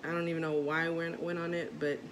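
A woman's voice: sits low, little pitch movement, quick pace. A woman in her thirties, a mother vlogging, talking in a rambling, heartfelt way with many restarts. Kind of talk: casual chat to camera. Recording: noisy background.

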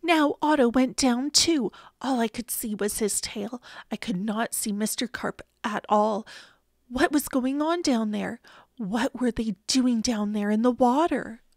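A woman reading a children's picture book aloud in an expressive way. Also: on the high side, no room sound, studio quality. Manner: expressive, slow and lively. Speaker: storybook reader.

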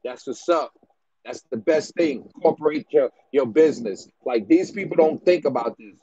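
A man's voice: a little high, normal speed, warm tone, slightly rough, dull audio. A man who breeds dogs, giving business advice in a casual rant to the camera, slangy and repetitive, often ending lines with "bro" and "man".

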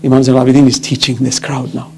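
A man's voice: mid-range voice, little pitch movement, rapid-fire, vocal fry, slight background noise, low-quality recording. A man giving an impassioned religious lecture, telling a story with fervent, rising emphasis. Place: mosque or religious center hall.

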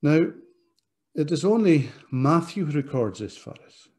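A man's voice: fairly high pitch, sing-song, measured pace, a little mellow. A man preaching a sermon as pastor, earnest and direct, appealing to his listeners. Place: church.

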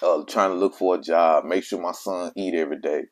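A man's voice: low-pitched, steady tone, fairly quick. A man who is a father, telling his own life story in casual, slangy speech and repeating himself for emphasis. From Mississippi. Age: adult father of children.

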